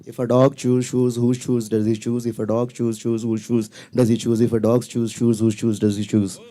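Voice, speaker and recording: A man's voice: mid-range voice, flat delivery, moderate pace, dark tone. A man, a school coordinator, confidently reciting a tongue twister at an event.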